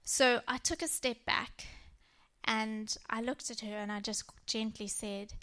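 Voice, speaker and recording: A woman in her thirties speaks to a church about raising children. She tells stories from home in a gentle, personal way. Her voice sits a little high for a woman. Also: steady tone, measured pace. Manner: warm personal storytelling, gentle. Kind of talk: talk on parenting.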